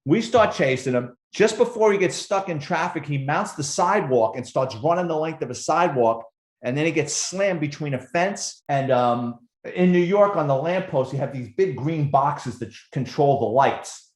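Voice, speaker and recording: A man who is a former police officer, telling animated, profanity-laced stories in casual conversation as a podcast guest. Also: on the high side, moderate pace, echoey room. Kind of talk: casual storytelling.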